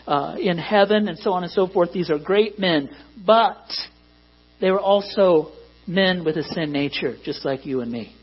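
A man preaching a sermon to a congregation in a conversational way that rises to emphatic peaks. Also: high voice. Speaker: pastor. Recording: dull lo-fi recording with mains hum.

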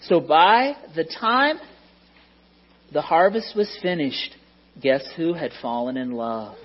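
A children's Bible teacher telling a story to a group of kids in a lively way, asking them questions and hushing them. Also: mid-range voice, slow pace, slight background noise. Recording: dull lo-fi sound.

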